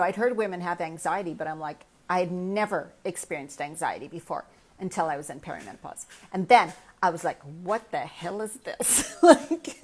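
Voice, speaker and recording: A woman in her fifties, a midlife health coach, talking candidly in a casual live chat and answering viewer comments from her own experience. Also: on the low side. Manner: candid, chatty, speaks from personal experience.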